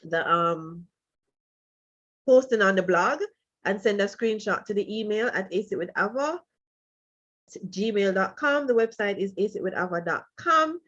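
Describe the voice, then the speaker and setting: A woman's voice: medium pitch, animated, measured pace, long pauses, fairly bright tone, lo-fi sound. A woman teaching freelancing in a live online session, talking casually and emotionally, with small laughs between phrases and repeated apologies. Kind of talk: live-stream chat. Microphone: computer mic on a live video call.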